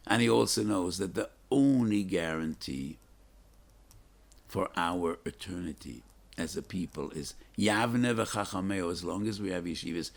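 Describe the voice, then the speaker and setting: An older rabbi giving a storytelling Torah class in a deep, low voice. His tone is gravelly and a little husky. He speaks earnestly and with emphasis, dropping Hebrew and Yiddish terms into his English. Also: animated, moderate pace. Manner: earnest and emphatic, with rising, pleading questions.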